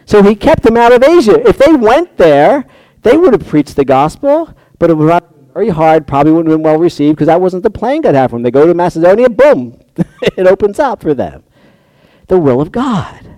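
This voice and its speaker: A man's voice: high voice, very animated, normal speed, darkish tone, no echo. A man preaching a conversational sermon, acting out prayers and little dialogues as he goes.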